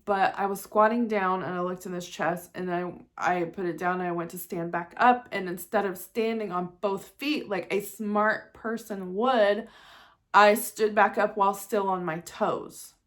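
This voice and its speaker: A woman's voice: medium pitch, fairly even intonation, unhurried. A woman in her forties, possibly, chatting candidly and emotionally to her viewers in a casual vlog, laughing at herself now and then. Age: 40s. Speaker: vlogger. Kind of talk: casual personal chat to camera.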